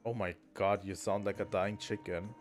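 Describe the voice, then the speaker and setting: A man with a fairly low voice talks casually as he streams a video game, thinking aloud and pausing on ums. Faint game music plays underneath him. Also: flat delivery. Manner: musing aloud to himself, with frequent ums and restarts. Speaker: gaming streamer. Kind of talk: casual let's-play commentary.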